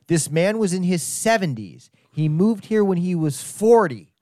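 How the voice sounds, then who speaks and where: Animated joking man, dry close sound. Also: high-pitched, normal speed, dry recording. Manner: animated, jokey storytelling. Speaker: podcast host. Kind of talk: casual comedy chat.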